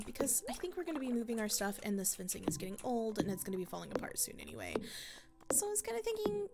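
A woman's voice: mid-range voice, very noisy. A woman giving casual gameplay commentary as a let's play creator, rambling and thinking aloud with frequent laughs. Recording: loud mouse and keyboard clicks.

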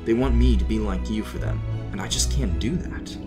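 A man voicing Sam, a grieving young man who speaks softly and sincerely in an audio storybook. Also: fairly low pitch, brisk, music in the background, natural voice. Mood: wistful.

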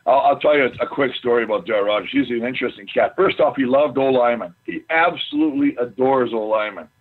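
Male interview guest, husky, loose and chatty, heard over a thin phone line. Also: medium pitch, fast talker. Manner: rambling, animated storyteller with many restarts. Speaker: guest, former football player. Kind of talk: casual storytelling interview.

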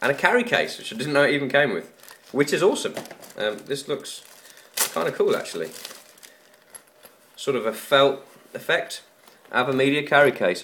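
Male tech vlogger, chatty and self-deprecating, bright edge to the voice. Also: mid-range voice, slight background noise. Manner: rambling, chatty and self-mocking. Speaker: tech YouTuber. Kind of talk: casual unboxing vlog.

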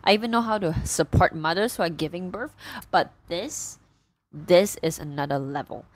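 A woman's voice: lowish voice, moderate pace, lightly acted. A woman voicing a panicked young husband who is a medic, talking in a frantic, pleading way.

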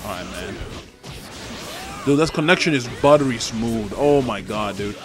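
A young man with a Spanish accent, host of a gaming channel, plays a fighting game online while giving loose live commentary full of profanity and trash talk. His medium-pitched voice is animated at a moderate pace, heard over music.

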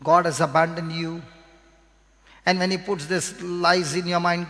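A man with an Indian English accent preaches in a high, gravelly voice. He drives each point home by repeating it and quizzing the congregation. The sound carries a long echo from the hall. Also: normal speed, a bit bright. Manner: repetitive, emphatic teaching with call-and-response questions. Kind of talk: sermon. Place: church hall. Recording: reverberant hall.

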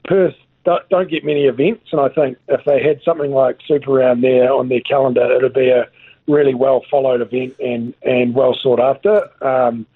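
A man's voice: mid-range voice, steady tone, normal speed, husky, no room sound. A New Zealand man, a former rugby player, chatting casually as a guest in a laid-back, rambling way, full of fillers. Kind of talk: casual chat. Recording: tinny phone line.

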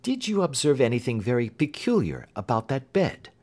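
A man reading an audiobook who voices a keen, confident Victorian male detective, raising his voice and explaining briskly. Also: medium pitch, pitched above the performer's own voice. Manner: brisk, lively, lecturing.

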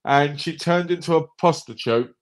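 A man chatting casually on a livestream, joking and retelling comedy scenes in a rambling, animated way. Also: a little high, moderate pace.

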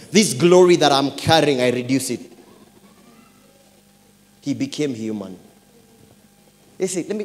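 A man preaching a lively sermon with a fairly high voice. He drops to hushed asides, then rises to loud exclamations, and he repeats phrases for emphasis. His voice rings through a church hall with a long reverb. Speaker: pastor.

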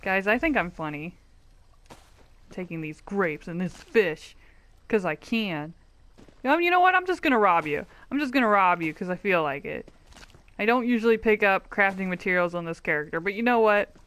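A woman's voice: medium pitch, animated, normal speed, a bit bright. A woman giving casual, bubbly and self-mocking commentary while playing an online game. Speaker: gaming youtuber.

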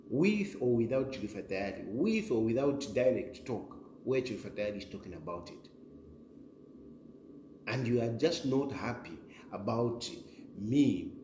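A man's voice: medium pitch, darkish tone. A middle-aged Zambian man hosting a direct-to-camera political monologue, combative and repetitive, switching between English and Bemba. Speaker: political commentator, show host. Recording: roomy echo, faint background hiss.

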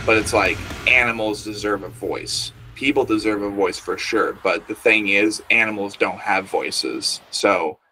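A man hosting a podcast, chatting casually and rambling excitedly, swearing now and then. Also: lowish voice, unhurried, few pauses, faint music behind. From Australia. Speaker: podcast host. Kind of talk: casual podcast interview chat.

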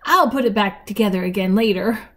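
A woman reading aloud, voicing a forgetful, vague old grandmother in a slow, wandering way. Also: mid-range voice, a bit bright, lightly acted. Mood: distracted.

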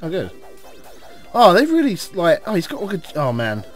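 English man, let's play commentary, lively swooping pitch, excitable, swears at the screen, faint game music behind. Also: normal speed. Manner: excitable, swears at enemies, rambling asides. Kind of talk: casual gameplay commentary.

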